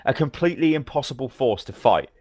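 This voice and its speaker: A man co-hosting a podcast, telling game stories in a fast, animated, swearing manner. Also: mid-range voice, no echo. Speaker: podcast co-host. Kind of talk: casual gaming chat.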